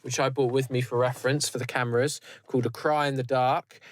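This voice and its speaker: A man's voice: medium pitch, little pitch movement, a little fast, slight background noise. A man hosting a podcast in casual chat, rambling loosely with many restarts. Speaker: podcast host.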